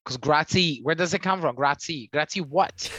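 A man co-hosting a podcast, ranting in an animated, exasperated way in casual chat. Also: a little high, a little fast, no room sound, poor audio. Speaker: podcast co-host.

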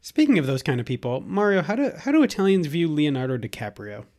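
A man's voice: on the high side, very animated, fast, darkish tone. A man co-hosting a podcast, teasing and joking in casual chat. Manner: teasing, joking, laughs often. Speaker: podcast co-host.

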